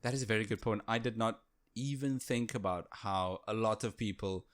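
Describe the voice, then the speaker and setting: A man's voice: lowish voice, steady tone, moderate pace. A man co-hosting a casual podcast chat, gushing with enthusiasm. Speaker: podcast co-host.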